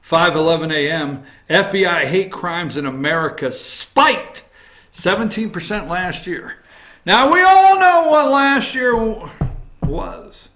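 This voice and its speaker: A man's voice: high-pitched, animated, slow, sharp tone. A man hosting a casual opinion talk show from his office, reading through news items with a wry, teasing manner. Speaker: host.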